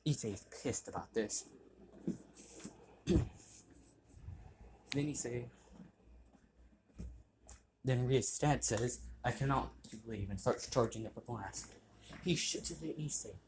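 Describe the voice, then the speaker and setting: A man retelling a fan story off the cuff, halting, with fillers and frequent throat-clearing. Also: medium pitch. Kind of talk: improvised fan-fiction retelling. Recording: noisy home recording.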